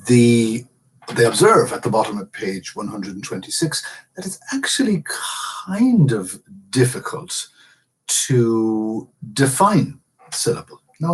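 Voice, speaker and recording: A male university lecturer speaks slowly in a somewhat low, husky voice. He explains patiently, step by step, with frequent pauses in a recorded class lecture. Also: rough recording.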